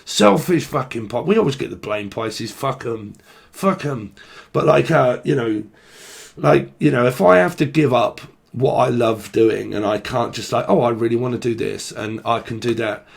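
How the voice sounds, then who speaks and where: Young English man, London-area accent, slangy tarot reader, gravelly, mid-pitched. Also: measured pace. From Britain. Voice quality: swears a lot, slangy and rambling. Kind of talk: casual tarot channelling monologue.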